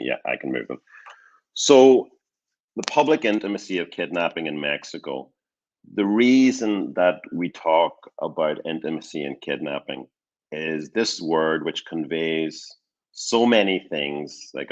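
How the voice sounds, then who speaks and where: Northern irish guy giving a research talk on a video call, super low voice, kinda muffled lo-fi sound. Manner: friendly, enthusiastic, loose and chatty with restarts. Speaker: guest lecturer, crime researcher. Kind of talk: academic presentation over a video call.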